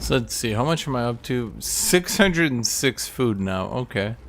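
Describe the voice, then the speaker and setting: A man's voice: mid-range voice, lively intonation, moderate pace, a bit bright, a little hiss or hum. A man in his thirties giving casual game commentary to his chat. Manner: chatty, coos baby talk at a cat. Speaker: streamer.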